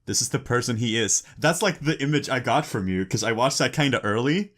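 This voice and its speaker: A man's voice: mid-range voice, animated, fairly quick, fairly bright tone. A young man co-hosting a podcast in casual chat, rambling and joking with lots of restarts. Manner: rambling, restarts, jokey and laughing. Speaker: podcast co-host.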